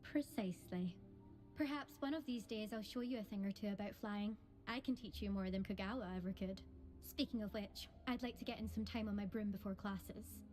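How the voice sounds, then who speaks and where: A woman's voice: mid-range voice, fairly quick, darkish tone, faint music behind, lightly acted. An actress with a Scottish accent playing a boastful young female student flier in a video game, haughty and self-assured.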